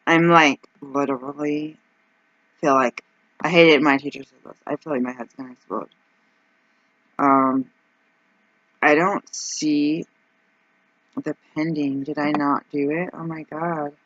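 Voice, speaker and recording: A woman vlogging casually as she works through her budget out loud, anxious and rambling, with frequent ums and exclamations. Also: deep voice, fairly even intonation, a little slow, long pauses, no room sound, muffled recording. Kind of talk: casual vlog, thinking aloud over budget.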